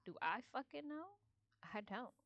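Woman, casual gameplay commentary, cursing and joking, somewhat high voice. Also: sing-song, measured pace, fairly bright tone, lo-fi sound. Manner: profane, joking, talking to herself. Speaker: gamer streamer. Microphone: new microphone with headphones.

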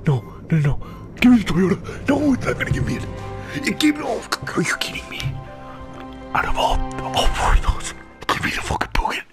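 A man giving casual gameplay commentary as a gaming channel host, excitable and swearing, swinging from muttered whispers to loud whoops. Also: very high-pitched, brisk. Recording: voice over loud game music. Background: game music.

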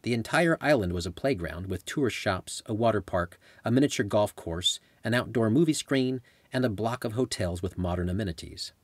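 A man reads his travel memoir aloud in a conversational storytelling way. His voice is low and a little husky, with lively rises and falls. The recording is dry and close. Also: normal speed, few pauses, no echo. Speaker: author and narrator. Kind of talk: audiobook memoir narration.

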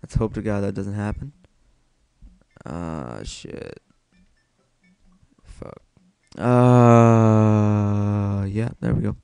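A man's voice: on the low side, big pitch swings, slow pace, gravelly, long pauses, dark tone, no echo. A young man giving casual solo gameplay commentary, self-mocking and swearing a lot as he mutters to himself.

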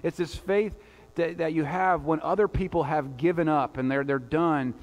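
In a church sanctuary with long reverb, a man preaches a sermon at a moderate pace. His voice is a little high with fairly even intonation, and his conversational style includes rhetorical asides to the congregation.

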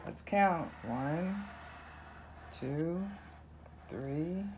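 A woman reading a children's counting book aloud, counting softly and slowly. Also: sits low, a little hiss or hum. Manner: slow, soft counting. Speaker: narrator.

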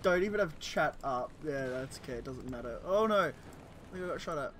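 A man's voice: a little high, expressive, fairly bright tone, a little hiss or hum. A man streaming a game, chatting casually to his teammates on screen, swearing freely and laughing easily. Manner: cheerful, quick to laugh. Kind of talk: casual gameplay commentary.

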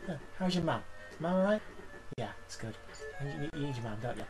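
A menacing Cockney thug played by a man, speaking softly with a sly, falsely friendly warmth. Each caring question carries a quiet threat. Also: on the high side, lively intonation, brisk, over music.

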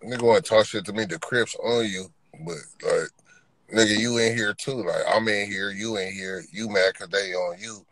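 A man's voice: fairly low pitch, steady tone, moderate pace, fairly bright tone, poor audio. A man hosting a live stream, arguing in a mocking, teasing way. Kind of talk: casual live-stream argument. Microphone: phone on a video live stream.

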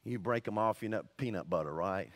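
A male pastor preaching a sermon in an animated, conversational way, full of asides and exclamations. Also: lowish voice, a little fast.

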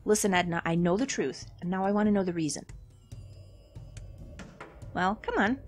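A woman reading the lines of an earnest young nobleman who questions his servant calmly, in a game read aloud. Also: mid-range voice, soft background music, close to an everyday voice. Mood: accusing. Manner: measured, questioning.

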